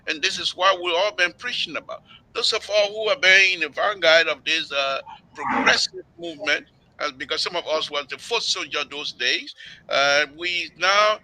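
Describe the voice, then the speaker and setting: Male panel guest, earnest and measured, very bright, higher-pitched voice. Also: rough recording. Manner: measured, earnest, politely insistent. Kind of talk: political panel debate.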